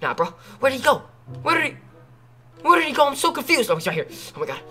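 A teenage boy streaming a video game, trash-talking opponents and yelling in rage. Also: very high-pitched, sing-song, fast talker, soft background music. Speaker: gamer being pranked. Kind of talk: livestream gaming commentary.

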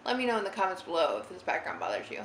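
A young beauty vlogger with a lowish voice talks very fast, her pitch swinging hugely, as she does a makeup tutorial in a roomy living room. She chats casually, rambling and giggling and saying "like" a lot, with slight background noise and faint room ambience.

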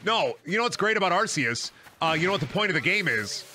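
A young male streamer with a bright, sharp-edged voice that swings wildly up and down as he talks over a game. He rambles through crude jokes, then blows up into sudden shouts of excitement or frustration. Faint game music sits underneath on a close desk mic. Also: sits high, quick pace. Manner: excitable, profane, sudden yelling outbursts; jokey rambling asides. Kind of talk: casual gameplay commentary.

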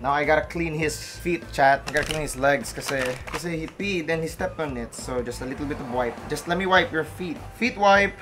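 A man's voice: fairly high pitch, fairly quick, few pauses, over music. A man with a Filipino accent chatting playfully in a casual vlog, mixing English and Tagalog and cooing at his dog. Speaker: vlogger. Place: at home and outside on a walk.

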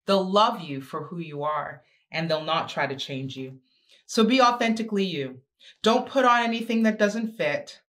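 Woman, motivational speaker, emphatic, repetitive, sassy asides, mid-pitched voice. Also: a bit bright. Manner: emphatic, repetitive exhortation with sudden swings in pace. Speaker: guest speaker. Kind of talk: motivational talk to teenage girls.

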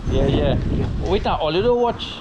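A man's voice: on the high side, lively intonation, unhurried. Trinidadian man vlogging outdoors. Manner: laid-back, repeats words, local slang. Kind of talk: casual outdoor vlog chat. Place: outdoors by the sea, on a boat. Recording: dull sound, loud wind and engine noise.

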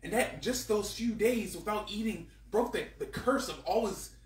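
A man's voice: high voice, normal speed. A man leading a spoken prayer, earnest and repeating his thanks. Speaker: prayer leader. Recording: echoey room from far off, faint noise.

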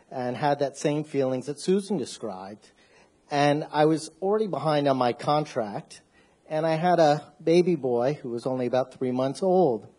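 Mellow husky man telling a stage story. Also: medium pitch. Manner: measured, wry narrative delivery.

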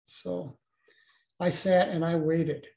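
Halting older man in a roomy echo. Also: on the high side, fairly even intonation, creaky, dark tone. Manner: halting, many restarts. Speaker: guest. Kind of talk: recounting a personal experience.

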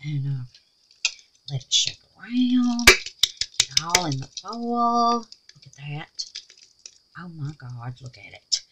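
Speaking slowly with long pauses, a low-pitched woman hosts a homey craft tutorial full of exclamations and warmth toward her viewers, whom she calls babies. The audio is very noisy.

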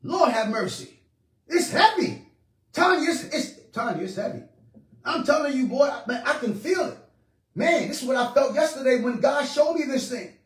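A man preaching a charismatic sermon with fervor, moving from shouts to hushed prayer. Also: very high voice, lively intonation, moderate pace. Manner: fervent, swings between shouting and hushed prayer. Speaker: pastor. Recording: echoey room, mic at a distance.

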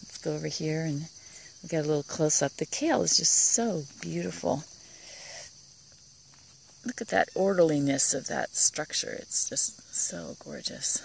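A woman with a low voice and a gravelly edge leads a relaxed tour of her outdoor vegetable garden, admiring each plant in a soft, hushed way that sometimes drops to a whisper. She is recorded on a handheld camera outdoors, with faint crickets and insects behind her. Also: normal speed, long pauses, slight background noise. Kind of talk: casual garden tour vlog.

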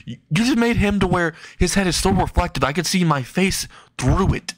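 A man's voice: high-pitched, lively intonation, normal speed, no room sound, voice pushed up. Nervous teen boy hero, put on by a male storyteller, flustered and raised.

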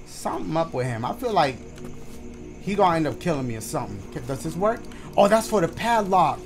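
High, lively man doing scared game commentary. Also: fairly quick, music in the background. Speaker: gaming YouTuber. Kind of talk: let's-play commentary.

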